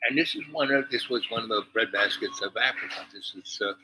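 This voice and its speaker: A man's voice: medium pitch, quick pace, background noise. A man hosting a vlog, telling stories and musing in a meandering, casual monologue. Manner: meandering storyteller, drifting between anecdote and musing. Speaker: vlog host.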